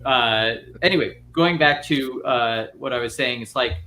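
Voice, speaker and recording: A man's voice: medium pitch, measured pace, pushed and bright. A man on a casual panel discussion, talking about casting and acting in long, rambling thoughts full of restarts and fillers. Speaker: filmmaker guest.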